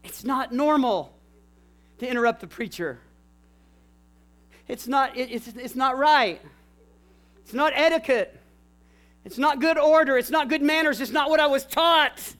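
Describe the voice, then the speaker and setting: A middle-aged male pastor delivering an impassioned sermon, dropping to a hush and then building to shouts. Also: extremely high pitch, normal speed, long pauses. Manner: impassioned preaching, swings from hushed to shouting.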